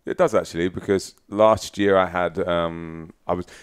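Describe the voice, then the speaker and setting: A man's voice: low voice, steady tone, moderate pace, clean tone. A man talking as a guest on a casual podcast recorded in a front room, telling long anecdotes in a chatty way. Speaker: guest musician.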